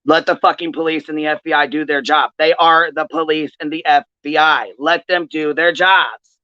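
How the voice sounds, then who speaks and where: A woman's voice: sits low, level tone, brisk, fairly bright tone, no echo. A woman hosting a livestream commentary, ranting in a heated, profane way. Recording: dull, dry lo-fi stream audio.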